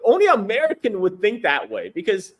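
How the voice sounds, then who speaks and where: Speaking fairly quickly in a high-pitched voice with huge pitch swings, a man offers casual political commentary as a guest, not in English. His rant is full of restarts and repeated words.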